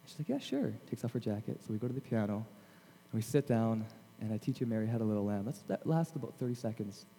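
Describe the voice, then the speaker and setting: A man in his thirties, a guest chapel speaker, telling self-deprecating stories in a lively, animated way. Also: fairly low pitch, fast, breathy edge. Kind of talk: storytelling chapel sermon. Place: large chapel hall. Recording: long hall reverb.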